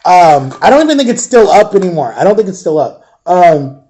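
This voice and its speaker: Rambling man telling a story, mellow voice. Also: high voice, a little fast. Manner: rambling, animated, acts out quoted voices. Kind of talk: casual storytime vlog.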